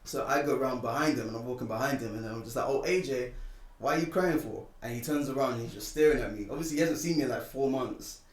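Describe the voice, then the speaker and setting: A man races through a personal story on a podcast with few pauses, his mid-range voice animated as he acts out quoted lines. It's a casual telling, recorded in an echoey room with a distant mic.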